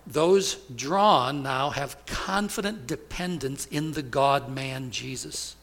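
A middle-aged male pastor preaching a sermon, slow and emphatic, putting repeated questions to his congregation. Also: mid-range voice, a bit bright.

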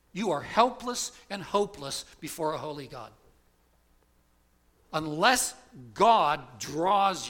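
Middle-aged man as a preaching pastor; slow, deliberate, emphatic sermon voice, a touch high-pitched. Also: pushed and bright. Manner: slow, emphatic preaching with repeated questions to the congregation.

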